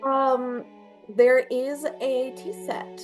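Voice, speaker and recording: A woman game master narrating a tabletop game in a gentle, hesitant way with many fillers. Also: sits high, flat delivery, extremely slow, soft background music.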